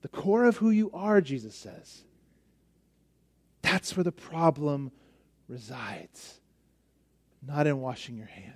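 Guy preaching, pretty high voice, chatty and emphatic, drops real quiet sometimes. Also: lively intonation, slow pace, long pauses. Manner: conversational, emphatic, with frequent restarts and drops to near whisper. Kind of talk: sermon.

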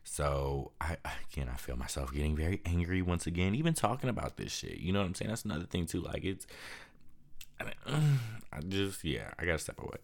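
A young man with a very deep, low voice talks straight into his podcast mic, worn out and depressed. His words come blunt and frustrated, heavy with swearing and fatigue. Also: very animated, brisk, vocal fry. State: exhausted and depressed. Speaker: podcast host. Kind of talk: candid monologue.

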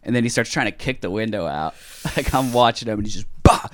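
Animated young man telling stories. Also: fairly low pitch, fast talker. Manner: animated, swears a lot, acts out voices loudly. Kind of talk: casual storytelling chat.

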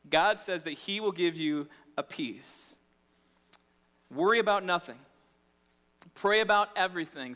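A man's voice: high-pitched, pushed and bright. A man in his thirties, a pastor preaching a sermon in a conversational, candid way. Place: church. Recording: reverberant church hall.

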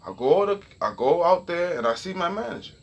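Husky-voiced man ranting with lively pitch. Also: a little fast, lo-fi sound. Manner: profane, heated, animated. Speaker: vlogger. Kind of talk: casual storytelling rant.

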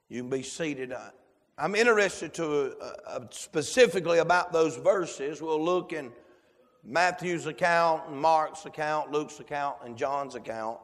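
A man delivers a slow, emphatic sermon, lingering over each scripture phrase. His voice sits a little high. The sound carries a long reverb from the church hall. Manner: slow, emphatic preaching with prayer cadence. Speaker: preacher. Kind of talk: sermon, reading scripture aloud. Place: church sanctuary.

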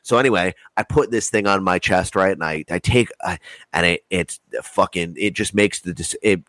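A man's voice: deep voice, normal speed, dry recording. A man telling a long story in casual chat, rambling and swearing a lot. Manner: rambling, heavy swearing, animated retelling.

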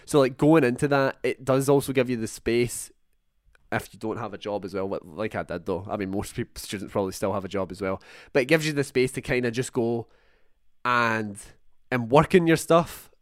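A man's voice: medium pitch, moderate pace, no room sound, clean studio sound. A young Scottish man with a Scottish accent, co-hosting a film podcast in casual chat, rambling and restarting his sentences. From Scotland. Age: young adult. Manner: rambling, self-interrupting, animated asides. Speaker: podcast co-host.

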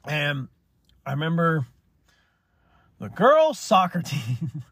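A man's voice: fairly high pitch, big pitch swings, slow pace, a bit bright, slightly rough, no echo, studio quality. A young man hosting a solo opinion podcast, rambling and swearing freely as he argues his views. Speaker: podcast host.

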